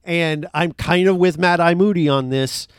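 A man chatting casually about a film, rambling and full of fillers. His voice sits a little high and sounds dry and close, with no room behind it. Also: normal speed, clear, resonant tone, no echo. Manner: rambling, enthusiastic, many fillers. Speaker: podcast co-host.

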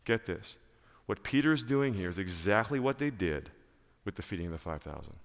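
A male pastor preaching a sermon in church, emphatic and animated, repeating key phrases. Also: on the low side, a little fast, vocal fry, big-room sound.

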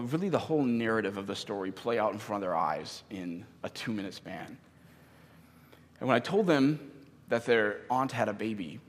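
A man in his thirties, a pastor giving a sermon in an earnest, halting way with many pauses. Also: fairly low pitch, in a large hall.

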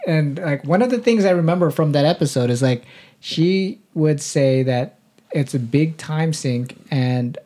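A man talking games on a relaxed podcast. He is chatty and jumps in fast with reactions and short comments. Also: on the high side. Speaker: podcast co-host. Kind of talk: casual game chat.

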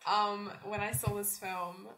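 A woman chatting casually about a film, animated and swearing, acting out quotes. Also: medium pitch, takes it slowly, poor audio. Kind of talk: casual chat.

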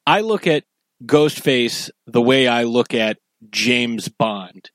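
A man's voice: mid-range voice, expressive, slow pace, fairly bright tone, dry recording. Casual male podcast host. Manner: loose, sweary, rambling with fillers. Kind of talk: casual chat.

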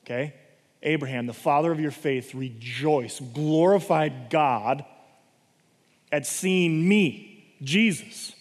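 A man's voice: fairly high pitch, slow pace. A man giving a conversational Bible teaching, explaining the passages plainly and often checking in with his listeners. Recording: long hall reverb.

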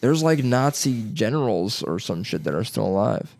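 A man's voice: lowish voice, moderate pace, creaky, no echo. Joking young man in casual chat. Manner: swearing, joking, animated impressions.

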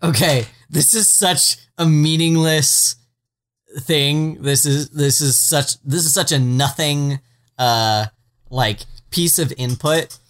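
A man's voice: a little high, fairly bright tone. A man co-hosting a podcast in casual chat, rambling and self-deprecating, laughing often. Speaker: podcast co-host.

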